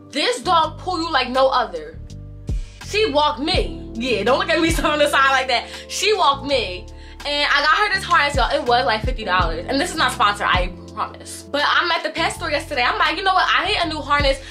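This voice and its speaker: A woman's voice: high-pitched, big pitch swings, normal speed, pushed and bright, soft background music. A woman in her twenties chatting casually to her camera in a vlog, outspoken and blunt with lots of slang. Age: 20s. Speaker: vlogger. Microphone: compact camera held close.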